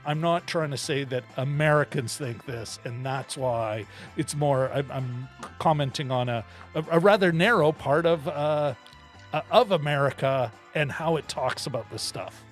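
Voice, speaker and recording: Brief: male podcast co-host, fairly high voice, animated and laugh-prone, faint music underneath. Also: moderate pace. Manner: animated, laughs often while talking. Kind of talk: casual film-discussion chat.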